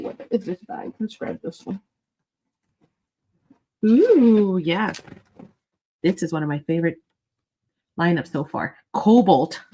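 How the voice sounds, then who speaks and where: A woman's voice: on the low side, darkish tone, a little hiss or hum, rough recording. A woman hosting a live online sale, talking in a bubbly, chatty way and thinking aloud as she goes. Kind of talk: casual live-sale chat.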